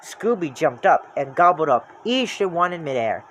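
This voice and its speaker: A storybook reader narrating a children's book aloud in a lively, expressive way. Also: medium pitch, moderate pace, slight background noise.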